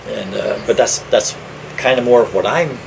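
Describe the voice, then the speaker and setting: A middle-aged man chatting casually as a podcast co-host, telling rambling stories and getting animated when he quotes other people. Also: medium pitch, normal speed, creaky, background noise. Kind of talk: casual chat.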